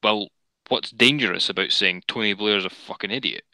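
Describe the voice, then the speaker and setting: A man's voice: lowish voice, moderate pace, sharp tone, no room sound, low-quality recording. A man co-hosting a casual political podcast, speaking in a wry, dismissive way. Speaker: podcast co-host.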